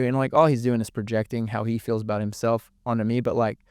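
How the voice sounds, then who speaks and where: Young man, podcast guest, earnest, swears freely, monotone, smooth voice. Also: medium pitch, quick pace, no room sound, studio quality. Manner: earnest, swearing freely, repeats words when moved. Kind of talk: candid emotional interview talk.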